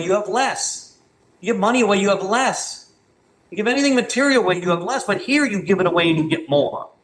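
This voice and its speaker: A man's voice: high-pitched, a bit bright, rough recording. Man telling his recovery story. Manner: storytelling, acts out quotes of others. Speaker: recovery meeting speaker. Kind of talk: personal testimony talk.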